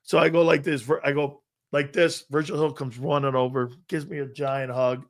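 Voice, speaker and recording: A man's voice: fairly high pitch, normal speed, hardly any pauses. Rambling male sports talk host. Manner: rambling storyteller, animated when reading a list. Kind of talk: casual sports talk monologue.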